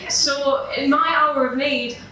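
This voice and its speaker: A woman's voice: high voice, fairly even intonation, slow pace, a loud crowd. A young woman telling a personal story live at a gig, self-deprecating and swearing casually, laughing through her lines. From Britain. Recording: echoey room, voice from far off.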